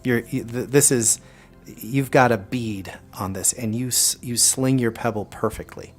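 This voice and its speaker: A man's voice: mid-range voice, fairly even intonation, a little slow, soft background music. A man running a tabletop game as game master, narrating casually with frequent restarts.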